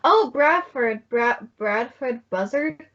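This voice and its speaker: High, excitable woman on a lo-fi mic. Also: slow pace. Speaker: podcast co-host. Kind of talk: casual chat.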